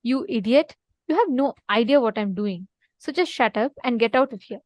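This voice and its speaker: A woman's voice: fairly high pitch, normal speed, no echo, natural voice. A woman voicing a wise wandering sage, a man, in a spoken parable. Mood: harsh. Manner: sharp then calm and knowing.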